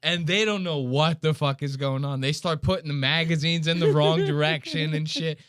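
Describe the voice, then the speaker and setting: A man's voice: on the high side, steady tone, normal speed, fairly bright tone, clean tone, no echo, studio quality. A man hosting a casual podcast, telling a story with lots of swearing, laughter and acted-out quotes. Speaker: podcast host.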